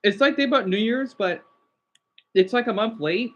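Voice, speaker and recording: A man's voice: high voice, moderate pace, a bit bright, muffled recording. Young male streamer. Casual, rambling and emotional, chats straight to viewers. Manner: rambling, emotional, reads chat names aloud. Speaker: livestream host. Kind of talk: casual live chat.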